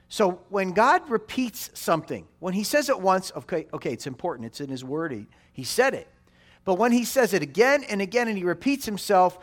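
A pastor in his forties preaches in a fairly high voice whose pitch swings widely as he drives his points home. He repeats phrases for weight and keeps asking listeners "right?".

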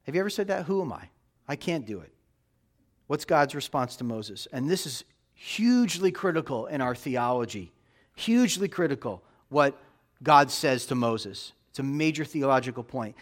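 A man's voice: medium pitch, expressive, moderate pace. A man preaching a sermon, emphatic, with a voice that rises and drops for effect. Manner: emphatic preaching with rising and dropping delivery. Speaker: pastor.

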